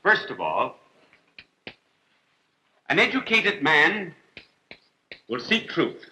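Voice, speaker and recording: A priest delivering a humorous televised lecture, wry and deliberate, with dry jokes and long pauses. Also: male voice, fairly high pitch, huge pitch swings, bright, forceful tone, slight background noise, rough recording. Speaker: priest and TV host.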